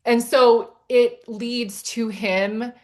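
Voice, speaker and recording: A woman's voice: on the high side, extremely slow. A woman co-hosting a casual chat, an author animatedly recounting a scene from her book, heavy with "like" and acted-out dialogue. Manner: animated storytelling with frequent "like" and quoted dialogue. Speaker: podcast co-host and romance author.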